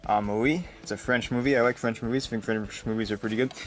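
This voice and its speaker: A man's voice: medium pitch, fairly even intonation, quick pace, soft background music. A young man from the United States, rambling and joking through a casual vlog at home, with many fillers. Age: young adult. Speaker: vlogger. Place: home room.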